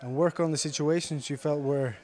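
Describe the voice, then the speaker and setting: A young man with a slight Irish-tinged accent, speaking English as a second language, answering interview questions softly with many pauses and fillers in a gym. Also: fairly high pitch, fairly even intonation. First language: Icelandic. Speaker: interviewed fighter. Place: sports gym.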